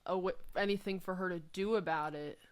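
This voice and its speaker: A woman's voice: on the low side, steady tone, a little fast. Young female podcast host, casual and a bit flustered. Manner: casual, filler-heavy, flustered. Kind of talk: podcast interview.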